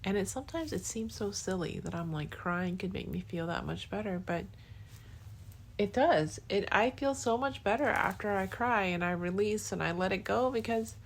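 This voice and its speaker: A woman's voice: mid-range voice, animated, normal speed, slight background noise. A young woman hosting her own podcast, talking to her partner in a casual, rambling, heartfelt way with lots of "like" and restarts. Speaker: podcast host. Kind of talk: casual spoken diary to a partner.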